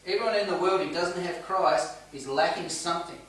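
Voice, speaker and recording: A man's voice: sits high, fairly quick, fairly bright tone. A man leading a home church Bible study, earnest and questioning the group as he teaches. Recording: echoey room, distant mic, faint ambience.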